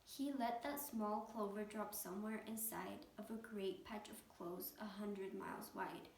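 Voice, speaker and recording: A woman reading a rhyming picture book aloud with a lively, rhythmic delivery. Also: medium pitch, a little slow, gravelly, a little hiss or hum. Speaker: storybook reader. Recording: echoey room, mic at a distance.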